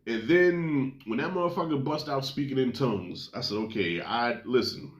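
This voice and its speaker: A man giving a casual, profane, jokey movie review with lively storytelling. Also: mid-range voice, moderate pace, reverberant. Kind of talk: casual spoken film review.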